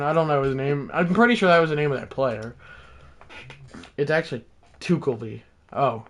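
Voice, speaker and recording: A man with a slightly high voice calls a baseball game play by play. He rambles and corrects himself between pitches, then bursts into shouts on big plays. A faint noise sits behind him. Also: moderate pace. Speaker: streamer calling a baseball video game. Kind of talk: play-by-play commentary with rambling asides.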